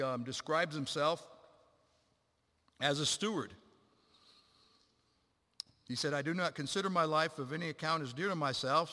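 A middle-aged man preaching a sermon, animated, acting out quotes and swinging between loud and hushed passages. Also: on the high side. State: a little out of breath. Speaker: pastor. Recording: long hall reverb.

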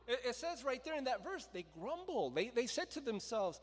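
A man preaching a sermon, telling the story with lively voices for the crowd and stopping to ask his listeners questions. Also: very high-pitched, fairly quick, hardly any pauses. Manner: animated storytelling, acting out the crowd and quotes. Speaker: pastor. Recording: long reverb of a large hall.

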